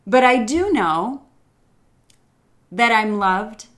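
A middle-aged woman hosting a faith-based podcast, talking in an earnest, reflective monologue with a few hesitant pauses. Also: fairly high pitch, lively intonation, a bit bright. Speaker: podcast host.

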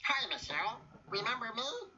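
A man's voice: very high voice, very animated, normal speed, pushed and bright, slight background noise, heavily acted. A man voicing a goofy male woodchuck puppet that keeps making wood puns, heard in a muffled old TV clip from a distance. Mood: playful. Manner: punning, playful.

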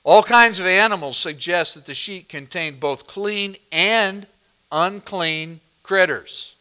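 A pastor preaching a sermon, explaining a passage verse by verse and asking the congregation questions, moving between loud emphasis and quiet asides. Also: male voice, high-pitched, slow. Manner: expository, asks the congregation questions.

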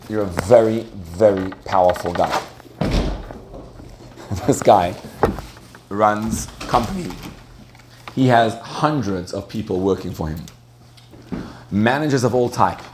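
A man's voice: fairly low pitch, noisy background. A man speaking to a live audience, telling a story in a chatty way with frequent restarts and laughter. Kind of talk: storytelling talk on marriage.

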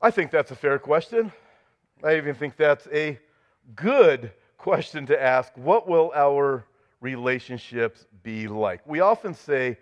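A man's voice: on the high side, expressive, unhurried. A man preaching a sermon as pastor, joking with the congregation and reading scripture aloud with rising intensity. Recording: dull sound with long hall reverb.

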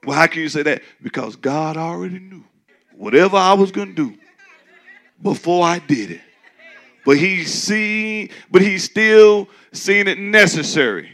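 Raspy, bright-toned preacher man. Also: lively intonation, a little slow, a faint crowd. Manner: conversational preaching, mimics skeptics in a high squeal. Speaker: pastor. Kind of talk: sermon.

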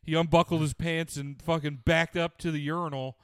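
A man with a slightly high voice spins a rambling, profane story in casual chat, breaking into laughter often. The sound is close and dry, with no room around it. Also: little pitch movement, a little fast, smooth, no room sound. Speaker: podcast co-host telling a story.

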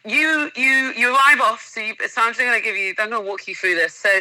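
A woman's voice: fairly high pitch, fast, sharp tone, no room sound, poor audio. A woman in casual interview chat, telling stories enthusiastically and vividly as a guest. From England.

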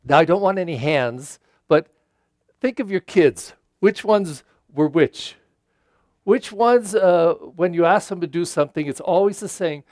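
An older man preaching a Sunday homily, with a voice that sits fairly high for a man. He talks in a loose, folksy way and leans on frequent fillers. The recording is close and dry, with almost no room sound. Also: lively intonation, a little slow, darkish tone, dry recording. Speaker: pastor.

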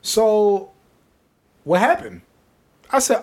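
A man spins a story in casual podcast chat, his pitch rising and falling a lot. He talks in slang, swears often and acts out the other people in the story. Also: normal speed, husky. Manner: animated, profane, slangy, acts out quotes. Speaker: podcast co-host.

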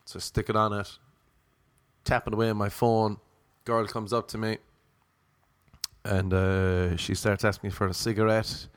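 A man's voice: on the low side, flat delivery, normal speed, pauses often, no room sound. A man with an Irish accent telling rambling, self-mocking comic stories to his viewers. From Ireland. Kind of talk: casual comic storytelling.

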